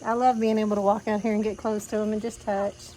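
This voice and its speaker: A woman with a Southern US accent talking casually for a farm vlog, often slipping into soft baby talk with her animals outdoors. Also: mid-range voice, little pitch movement, fast, slight background noise. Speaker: farm vlogger. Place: outdoors on a farm with goats and chickens.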